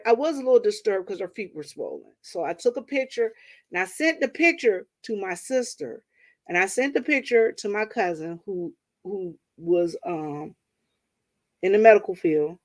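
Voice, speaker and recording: An older woman, telling a family story casually to her viewers. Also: medium pitch. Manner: animated, talks straight to listeners. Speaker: vlogger.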